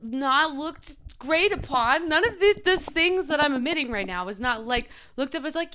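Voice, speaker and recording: A woman's voice: high-pitched, lively intonation, normal speed, few pauses, a bit bright. A young adult woman hosting a podcast, talking candidly and emotionally about her own struggles, with "like" in nearly every sentence. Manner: confessional, heavy use of "like", emotional. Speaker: podcast host. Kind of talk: candid personal podcast monologue.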